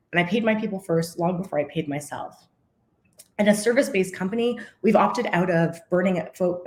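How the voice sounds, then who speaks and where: A woman with a somewhat low voice delivers a keynote on stage. She speaks earnestly and with feeling, catching herself and restarting phrases, and sounds close to tears. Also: a little mellow. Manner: earnest, impassioned, with self-corrections. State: emotional, near tears. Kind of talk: conference keynote.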